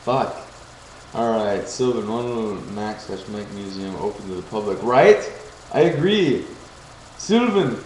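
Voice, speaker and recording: A young man streams from his home kitchen, tossing out crude jokes and wandering from one thought to the next. The webcam sound is roomy, with a steady layer of crickets and insects behind him. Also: on the low side, a little slow. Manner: joking, crude, easily distracted. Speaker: webcam streamer chatting with viewers. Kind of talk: casual rambling live chat. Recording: roomy home room with noisy background.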